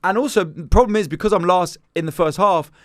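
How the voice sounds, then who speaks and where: Comedian guest, male, rapid storytelling, acts out quotes, dry studio sound. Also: sits high, dry recording. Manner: animated anecdote-telling with acted-out quotes. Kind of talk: casual storytelling chat.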